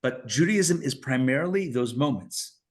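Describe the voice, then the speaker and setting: Animated rabbi telling a story. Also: male voice, mid-range voice, moderate pace. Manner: animated, conversational, many fillers and restarts. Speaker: rabbi teaching a class. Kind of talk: storytelling Torah class. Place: live class.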